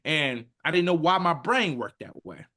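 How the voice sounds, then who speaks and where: A man in his thirties, a podcast guest, telling his story in an animated, emphatic way and acting out quotes in his own voice. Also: fairly high pitch, moderate pace. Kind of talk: emotional personal storytelling.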